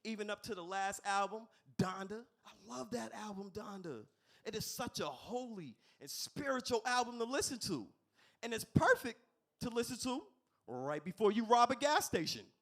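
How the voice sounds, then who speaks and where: A man performing stand-up on a club stage, his fairly high voice bouncing lively up and down. He plays to the crowd, teasing and animated, into a handheld mic. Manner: animated, playful, crowd-engaging. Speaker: stand-up comedian. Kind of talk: stand-up comedy set.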